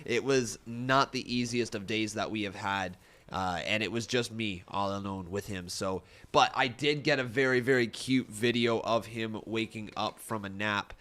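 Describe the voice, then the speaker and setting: A man's voice: fairly low pitch, moderate pace, fairly bright tone. Tired-sounding man hosting a live stream. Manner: chatty, reads out viewer comments. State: tired, slightly strained voice. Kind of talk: casual live-stream chat.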